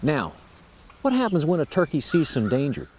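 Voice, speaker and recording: A man's voice: a little high, wildly swooping pitch, moderate pace, slight background noise. A man teaching turkey calls, explaining each sound step by step in a folksy, plain-spoken way. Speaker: turkey-calling instructor. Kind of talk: instructional explanation.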